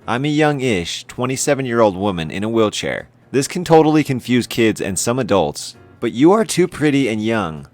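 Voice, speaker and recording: A man's voice: mid-range voice, sing-song, moderate pace, few pauses, no room sound, faint music behind. A man hosting a story channel, reading online stories aloud with casual, wry commentary.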